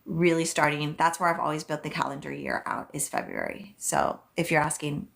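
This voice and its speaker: Lowish-voiced woman doing a psychic live stream, chatty, lots of um and like, reads out viewer questions. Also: big pitch swings, gravelly, a bit bright. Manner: chatty and quick, with many "um"s and "like"s, reading viewers' questions aloud. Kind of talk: casual live-stream chat answering viewer comments.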